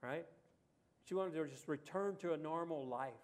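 Male pastor, slightly raised pitch; conversational sermon with rhetorical questions and voiced quotes. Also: moderate pace.

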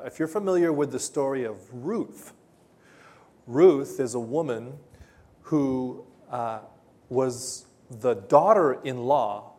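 A man preaching a sermon, telling Bible stories in a hesitant way with many pauses and fillers. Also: medium pitch. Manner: hesitant, many ums and uhs, gentle storytelling. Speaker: pastor.

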